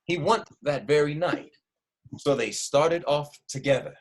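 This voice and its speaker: A man's voice: on the high side, a little slow. A male teacher reading a storybook aloud to children and stopping to ask them questions. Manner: lively, asks the children questions.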